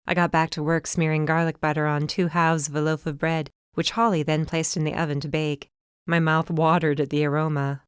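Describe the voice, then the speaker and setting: A young woman narrates a first-person novel in a wry, conversational tone. Her voice sits a little low and sounds smooth and crisp. The recording is dry and close. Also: normal speed, dry recording. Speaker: audiobook narrator.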